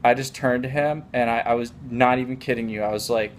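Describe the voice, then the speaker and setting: A man's voice: medium pitch, little pitch movement, moderate pace, few pauses, a little hiss or hum. A young adult man telling a casual story in a rambling, mock-boastful way, full of filler words. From United States.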